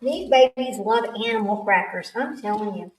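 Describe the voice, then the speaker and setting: A woman's voice: mid-range voice, moderate pace, slight background noise. Older woman, livestream host, rambling chatty manner with laughs; sits back from the mic. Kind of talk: casual chat with live chat. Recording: echoey room, far from the mic.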